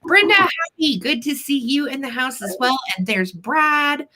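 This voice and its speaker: A woman's voice: high-pitched, lively intonation, unhurried, pushed and bright. A woman hosting a casual live sale stream from home, chatting and greeting viewers one by one. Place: upstairs at home.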